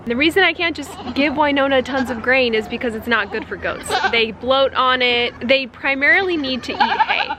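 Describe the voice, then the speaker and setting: A woman in her forties chatting to camera on her small farm, animated and joking, now and then mimicking her goats' screams. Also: sits high, normal speed, hardly any pauses. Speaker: farm vlogger. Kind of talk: casual chat to camera. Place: outdoors in a goat pen on a small farm. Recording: noisy, goats bleating behind. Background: goats bleating.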